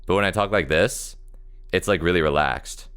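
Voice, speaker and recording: Deep-voiced young man telling a story. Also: normal speed, a bit bright, clean tone. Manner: rambling, filler-heavy storytelling. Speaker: podcast co-host. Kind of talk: casual chat.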